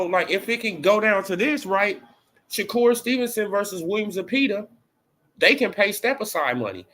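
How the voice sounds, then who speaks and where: A man giving a casual boxing opinion rant, full of slang and fillers like "bro" and "you know". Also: sits high. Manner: rising to animated mocking in the back half. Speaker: boxing commentary vlogger.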